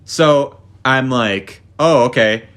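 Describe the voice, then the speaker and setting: Young man, casual podcast chat, mid-pitched ordinary voice, rambling, swears a lot, acts out quotes, co-host. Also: takes it slowly, fairly bright tone, smooth. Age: young adult.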